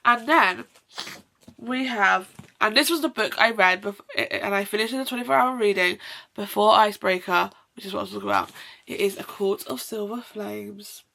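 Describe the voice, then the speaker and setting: A woman's voice: mid-range voice, animated, moderate pace, creaky, pushed and bright, a little hiss or hum. A young woman chatting at home about the books she read, effusive and rambling, often breaking off to apologise. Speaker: book vlogger. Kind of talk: casual chatty book review.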